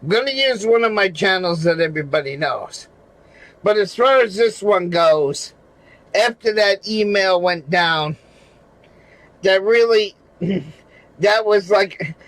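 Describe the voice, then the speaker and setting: A man's voice: high voice, unhurried, a bit bright, no room sound, poor audio. A man chatting casually on a livestream, swearing, laughing and circling back to the same point again and again. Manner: rambling, repeats his point over and over; profane, laughs between phrases. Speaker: regular show panelist.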